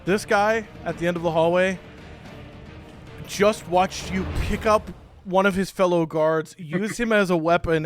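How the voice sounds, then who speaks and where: Animated game master, fairly high voice. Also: male voice. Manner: animated storytelling. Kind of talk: narrating a tabletop game.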